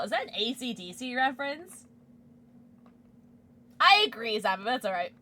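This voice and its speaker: A young woman streaming a game to her chat, giggling a lot and shrieking with excitement. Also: fairly high pitch, normal speed, long pauses. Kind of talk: livestream game commentary.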